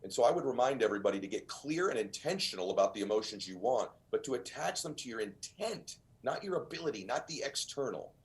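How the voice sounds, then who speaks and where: Podcast guest: earnest, emphatic man with a middle-pitched voice, telling motivational stories with conviction. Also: expressive, quick pace, few pauses. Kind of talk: motivational storytelling.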